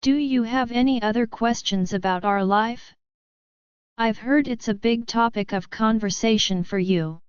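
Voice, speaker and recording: A woman voicing a stern, calm male lieutenant who speaks in a level, matter-of-fact way. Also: a little high, a little slow, smooth, no echo, natural voice. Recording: dull lo-fi audio.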